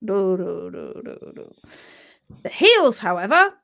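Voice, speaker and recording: A woman teaching hoof care on a live stream, animated and chatty. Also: mid-range voice, takes it slowly, vocal fry. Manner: animated, acts out little voices for hoof parts.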